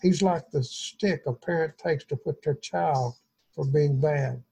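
A man's voice: fairly high pitch, a little slow, gravelly, dark tone, slightly rough, low-quality recording. A man leading an informal Bible study, teaching in a folksy, rambling way. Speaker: pastor.

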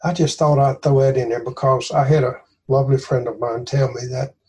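Southern US man, husky, mellow voice, folksy and earnest devotional speaker. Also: medium pitch, fairly even intonation, fairly quick. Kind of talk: informal devotional talk.

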